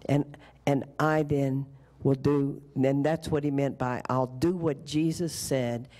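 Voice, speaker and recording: Older woman with a low voice lecturing. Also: slow pace. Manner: animated storytelling, acts out quoted voices. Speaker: keynote speaker. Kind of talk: storytelling lecture. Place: college lecture hall.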